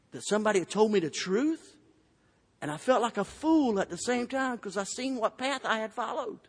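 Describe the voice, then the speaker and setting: A man's voice: high voice, animated, unhurried, long pauses, darkish tone. A man with a Southern US accent from Florida, telling his recovery story in a folksy, humorous way at a convention podium. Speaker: AA convention speaker. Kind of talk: recovery testimony talk. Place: large convention hall. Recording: long hall reverb.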